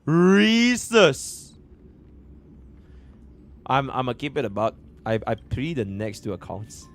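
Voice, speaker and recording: A man from Singapore with a Singaporean English accent, streaming a game account review in an excitable, profane way that swings between loud bursts and muttering. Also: medium pitch, slow.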